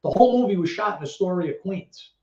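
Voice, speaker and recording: A man in his thirties, a guest telling a story in a casual interview, lively, swearing, and acting out other people's voices. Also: high voice, quick pace, background noise. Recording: echoey, dull lo-fi sound.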